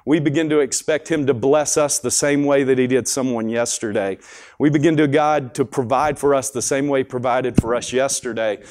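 A man's voice: mid-range voice, steady tone, moderate pace, darkish tone. Male school chapel speaker; conversational sermon, mid-range voice. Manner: folksy, conversational storytelling.

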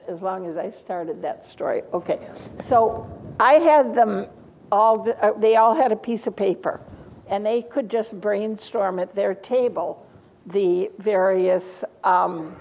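A woman's voice: mid-range voice, gravelly, darkish tone, low-quality recording. An older woman giving a teacher-training lecture, chatty, with asides and small laughs. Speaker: lecturer on reading instruction.

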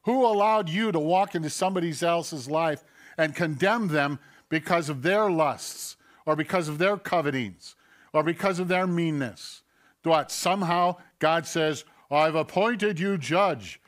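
A man preaching a sermon as pastor in a church, animated, firing rhetorical questions and acting out voices. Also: fairly high pitch, a little slow. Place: church sanctuary.

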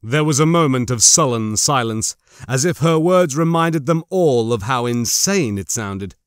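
A man narrating an audiobook in a steady, even storytelling manner. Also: medium pitch, unhurried, smooth, no echo, studio quality. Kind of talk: scripted narration.

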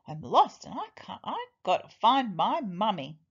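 A woman's voice: mid-range voice, huge pitch swings, a little slow, slightly rough, lo-fi sound, heavily acted. A woman voicing a young, polite boy elephant who is lost and pleading for help. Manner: pleading, anxious.

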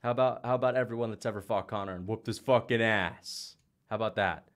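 A man's voice: fairly low pitch, fast talker. A young man hosting a fight-reaction livestream, chatting loosely, swearing and reading out viewer donations. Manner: loose, swears often, excitable outbursts.

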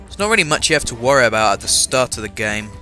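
Bright-voiced English gamer with a cough. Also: male voice, mid-range voice, sing-song, fast. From England. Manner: chatty, self-mocking, many fillers. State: has a cough. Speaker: let's-play gamer. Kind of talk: casual game commentary. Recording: voice over game music.

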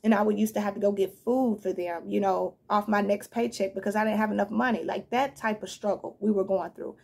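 A woman giving a casual tarot reading, chatty and animated, frank and blunt, calling her listeners y'all and baby. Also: medium pitch, brisk, vocal fry, husky. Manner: frank and blunt, swears now and then. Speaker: tarot reader.

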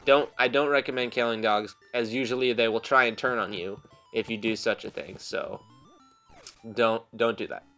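Soft music plays as a young man in his room gives let's play commentary, poking fun at himself and laughing a lot. His mid-range voice is steady, pushed and bright, moving at a moderate pace.

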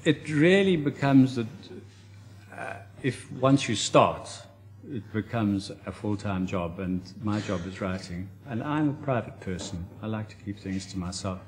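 South African man, low-voiced author guest. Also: expressive, measured pace, slight background noise. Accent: South African English. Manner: dry, self-deprecating humour. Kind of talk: TV chat show interview.

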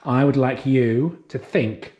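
A man teaching a phonics lesson to young children, drawing out letter sounds slowly and clearly. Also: dull audio. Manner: slow, drawn-out sounds with lively, sing-song pitch. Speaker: nursery teacher. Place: classroom or home, recorded for remote learning.

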